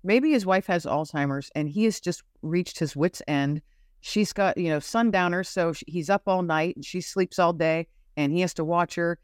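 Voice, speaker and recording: A woman's voice: on the low side, moderate pace, clean tone, dry recording, clean studio sound. A woman guest telling personal faith stories in an earnest, searching way, often repeating herself as she looks for the right words. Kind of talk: faith-centered personal storytelling.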